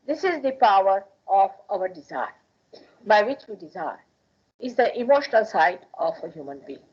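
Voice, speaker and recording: An Indian woman with an Indian accent delivers an emphatic public spiritual talk in a hall, repeating phrases for stress. Her medium-pitched voice is husky and darkish, swinging widely in pitch at a moderate pace. The audio is a dull, lo-fi archival recording from 1981.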